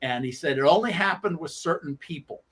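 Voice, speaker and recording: A man, a guest sports writer, telling anecdotes on a sports talk radio show in an animated way, often restarting his sentences and acting out quoted lines. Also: a little high, husky. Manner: halting with frequent restarts.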